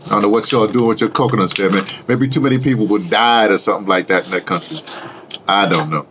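Low-voiced man rambling casually. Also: quick pace, background noise. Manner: rambling, chatty, sings along to a record. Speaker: vlogger.

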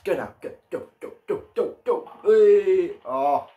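A man's voice: high voice, animated, slow, mellow, faint music behind. A man giving casual let's-play commentary as a gaming YouTuber, often stumbling and repeating his words.

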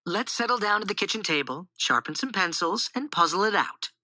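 A woman's voice: mid-range voice, lively intonation, a little fast, sharp tone, no echo, pitched above the performer's own voice. A woman voicing a practical, encouraging mother in a storybook. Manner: practical and upbeat. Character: brisk, encouraging mother of boys.

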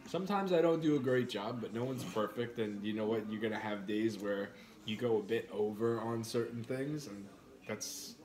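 A man's voice: fairly low pitch, moderate pace, a little mellow. Chatty man reading live comments. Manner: reads viewer comments aloud, chatty and blunt. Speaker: livestream host. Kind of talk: casual live chat eating on camera.

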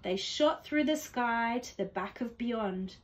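A woman, a teacher, reading a rhyming picture book aloud to children at home in a gentle, expressive way. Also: on the high side, takes it slowly. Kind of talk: read-aloud storytelling for children.

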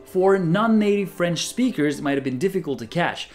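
Lively multilingual gadget reviewer. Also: medium pitch, normal speed, faint music behind. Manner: lively, switches between several languages while testing. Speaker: product reviewer. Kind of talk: product review demo.

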